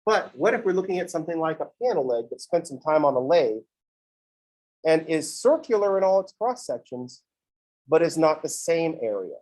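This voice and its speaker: A man lectures a math class in a relaxed, conversational way, and he wanders off into playful asides. His voice sits a little high for a man. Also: moderate pace, low-quality recording. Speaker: math teacher.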